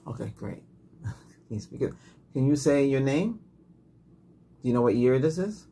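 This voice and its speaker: A man in a whispered role-play as an emergency doctor, giving soft, patient, gentle instructions. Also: mid-range voice, very animated, moderate pace, slightly rough. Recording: noisy hiss and clicks.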